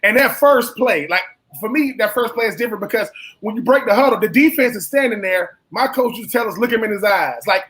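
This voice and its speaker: A man, a co-host and former college player, asking long, animated questions in casual talk and often repeating himself. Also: high voice, fairly quick.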